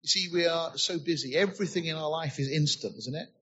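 A man preaches an earnest, expository sermon, often asking his listeners rhetorical questions. His voice sits a touch high and has a husky edge. The recording sounds slightly muffled. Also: quick pace, fairly bright tone.

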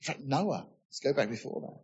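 Husky-voiced preacher. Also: male voice, medium pitch, animated, a little fast, a little mellow, lo-fi sound. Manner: earnest, expository, rhetorical questions. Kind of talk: sermon.

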